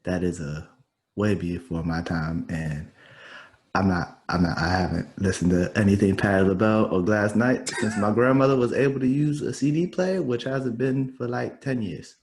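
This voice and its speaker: A man's voice: on the low side, normal speed, a little mellow. A man co-hosting a casual podcast, speaking easily and often repeating words as he thinks. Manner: easygoing, repeats himself as he talks. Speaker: podcast co-host. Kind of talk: casual chat.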